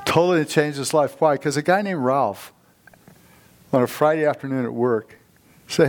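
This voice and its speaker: A man's voice: a little high, moderate pace. A middle-aged man preaching a sermon as a guest speaker in a church. He tells stories with energy and keeps calling out for amens from the congregation. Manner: fired-up, storytelling, calls for amens. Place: church sanctuary.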